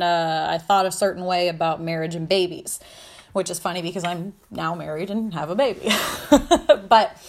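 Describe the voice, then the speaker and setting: A woman hosting a podcast, telling a personal story in a casual, animated way, swearing freely and laughing often. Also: fairly low pitch. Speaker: podcast host.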